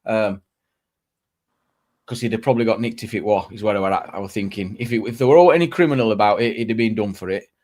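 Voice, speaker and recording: A man's voice: lowish voice, quick pace, a little mellow. A man chatting on a live panel stream, rambling with many restarts. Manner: rambling, restarts often, dialect "were". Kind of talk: casual panel chat.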